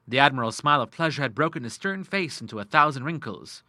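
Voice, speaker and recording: Man reading a classic novel aloud, measured storytelling, bright lively voice, dry close mic. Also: medium pitch, dry recording. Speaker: audiobook narrator. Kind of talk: scripted narration.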